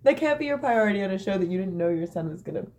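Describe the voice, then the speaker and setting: A woman co-hosting a casual chat, giving blunt, opinionated takes and quick dry comebacks. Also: mid-range voice, expressive, a little mellow. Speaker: podcast co-host. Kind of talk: casual chat recapping a reality show.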